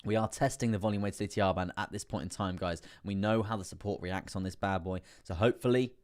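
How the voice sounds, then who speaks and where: A man hosting a live trading stream, chatty and rambling with many fillers, laughing often and getting excitable as prices move. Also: on the low side, fast. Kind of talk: live stream market commentary.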